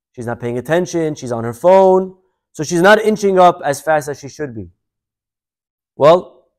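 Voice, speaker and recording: Brief: a male rabbi at a mid pitch, telling a sermon story animatedly.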